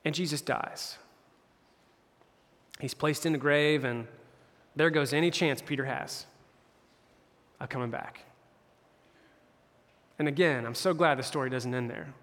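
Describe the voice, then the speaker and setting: A man's voice: medium pitch, unhurried, pauses often, a bit bright. A man preaching as a campus pastor, retelling scripture in casual slang and briefly voicing the characters. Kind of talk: casual conversational sermon. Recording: hall reverb.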